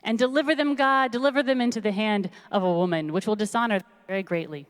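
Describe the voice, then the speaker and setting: A woman's voice: medium pitch, fast, smooth, close to an everyday voice. Judith, a woman doing a fierce pious widow. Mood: pleading prayer. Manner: indignant, scolding. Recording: long reverb in a large hall.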